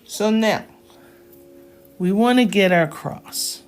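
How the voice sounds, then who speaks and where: A woman's voice: medium pitch, slow pace, clear, resonant tone, faint music behind. A woman teaching a live math lesson, explaining each step patiently and checking in with her students.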